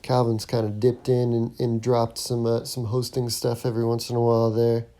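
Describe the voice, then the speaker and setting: A man talks on his own podcast in a loose, rambling monologue, full of fillers and false starts. His voice sits dark and mellow, with a gravelly edge at the bottom. The delivery stays casual and unscripted. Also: mid-range voice, completely flat delivery, normal speed. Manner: rambling, lots of ums and restarts. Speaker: podcast host, stand-up comic.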